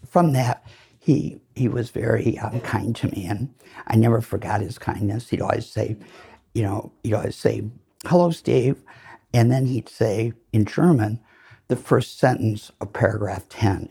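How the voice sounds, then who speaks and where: A man's voice: fairly low pitch, vocal fry. An older man giving a lecture, telling rambling, self-deprecating anecdotes full of fillers. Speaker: lecture speaker. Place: lecture hall.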